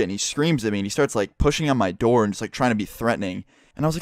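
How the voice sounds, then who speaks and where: A young man casually telling a story to his channel, full of swearing and animated retelling. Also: mid-range voice, quick pace, dry recording, clean studio sound. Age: young adult.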